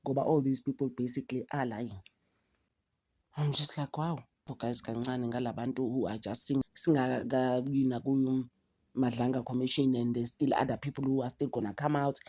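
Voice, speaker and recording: A South African woman hosting a casual gossip vlog. She mixes English with Zulu and talks in an animated, mocking way. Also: a bass voice, normal speed. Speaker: commentator on a gossip channel.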